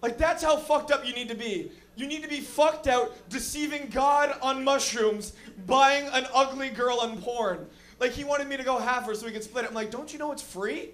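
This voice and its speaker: High-voiced rambling stand-up comic. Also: male voice, moderate pace, hardly any pauses, fairly bright tone. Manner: rambling, profane, frequent fillers. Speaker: stand-up comedian. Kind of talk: stand-up comedy set. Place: comedy lounge stage.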